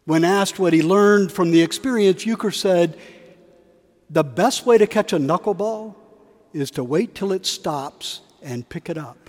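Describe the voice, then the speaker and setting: A man preaches in a cathedral, his slightly high voice carrying a long echo through the stone space. He tells stories with shifting emphasis and briefly acts out the quotes. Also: measured pace, darkish tone. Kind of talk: sermon. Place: large cathedral.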